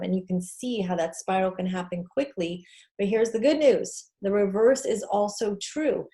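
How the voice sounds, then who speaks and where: A woman's voice: mid-range voice, warm tone. A woman presenting an online talk, speaking in an encouraging, conversational way with many fillers, through a computer mic on a video call.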